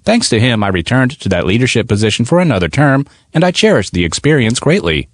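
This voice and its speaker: A man's voice: medium pitch, very animated, fast talker, no echo. A man giving an earnest, appreciative personal testimonial that he reads aloud. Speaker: program participant giving a testimonial.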